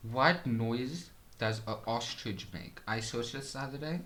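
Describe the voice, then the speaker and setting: A man's voice: medium pitch, measured pace, bright, forceful tone. A young man, chatting enthusiastically and jumpily as a podcast co-host. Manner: enthusiastic, jumpy. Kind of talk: casual chat. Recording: echoey room with background noise.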